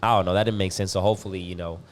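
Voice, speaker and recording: A man's voice: low-pitched, fairly even intonation, very fast, slight background noise. A man hosting a podcast, asking loose, rambling questions in a profane, casual way. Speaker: podcast host. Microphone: podcast studio mic.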